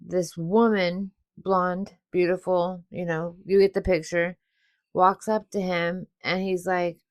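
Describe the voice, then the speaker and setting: A woman's voice: on the low side, flat delivery, slow pace, no room sound, studio quality. A woman co-hosting a podcast, casually retelling an episode's plot with quoted asides. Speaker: podcast co-host. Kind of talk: casual recap chat.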